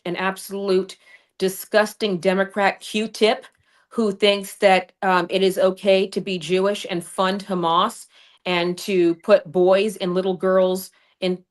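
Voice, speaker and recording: A woman running for Congress, a guest on a livestream, telling her story in a fiery, combative way. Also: medium pitch. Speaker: congressional candidate. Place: home studio over streaming video call. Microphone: remote streaming mic.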